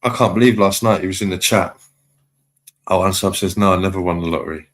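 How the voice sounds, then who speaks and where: A man, chatting casually on a live stream, reading viewer comments aloud and giving relaxed shout-outs. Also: low voice, fairly quick.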